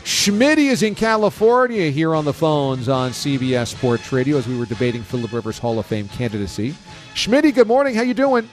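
A man hosting a sports radio show, playful and quick to joke and laugh. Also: mid-range voice, animated, music in the background. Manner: playful, mimics people, laughs often.

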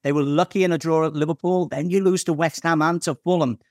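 Higher-voiced analytical male pundit. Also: fairly even intonation, quick pace, darkish tone, no echo, clean studio sound. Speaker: football pundit. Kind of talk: casual studio chat.

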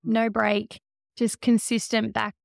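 A woman in her thirties, a podcast guest, telling her story in an emotional, animated way. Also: fairly high pitch, takes it slowly, creaky, dry recording, clean studio sound. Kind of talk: conversational interview.

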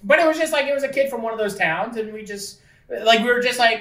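A man's voice: very high-pitched, fast talker, pushed and bright, reverberant, far from the mic. A man from the Niagara region of Ontario, telling long rambling stories with lots of filler words and swearing on a casual podcast. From Niagara region of Ontario, Canada. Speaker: podcast host.

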